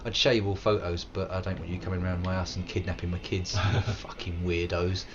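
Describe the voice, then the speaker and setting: A British man in his thirties giving live commentary while he plays, self-mocking and swinging from loud outbursts to low mutters. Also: brisk. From United Kingdom. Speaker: streamer. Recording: muffled with steady background hiss.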